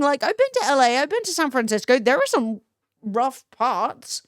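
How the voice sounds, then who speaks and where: British woman streamer, bright higher voice, chatty and sweary, dry close-miked. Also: sing-song, moderate pace, no room sound. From London, England. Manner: chatty storytelling, swears freely, laughs often. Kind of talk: casual chat.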